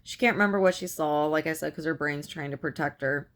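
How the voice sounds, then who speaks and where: Low-voiced woman recapping a film. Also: a little fast. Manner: rambling retelling full of "like" and "you know". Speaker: film reviewer. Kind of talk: casual film review recap.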